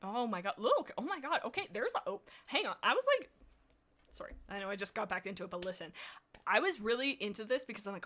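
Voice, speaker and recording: A woman's voice: mid-range voice, big pitch swings, quick pace, a bit bright. A woman hosting a livestream, chatting casually and reading aloud with bubbly, rambling asides. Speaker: livestream host.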